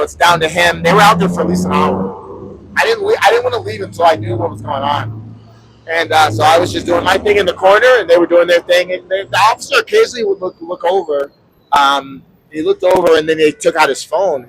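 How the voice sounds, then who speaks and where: A husky-voiced man spins a casual story for a podcast, jumping into the voices of the people he quotes. His voice sits a touch high for a man, and he curses easily as he talks on an outdoor balcony. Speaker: podcast co-host.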